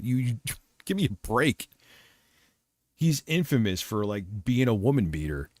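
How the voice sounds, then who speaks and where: A man's voice: mid-range voice, expressive, normal speed, no echo, clean studio sound. A man hosting a livestream who comments casually, rambling, crude and mocking. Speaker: livestream host.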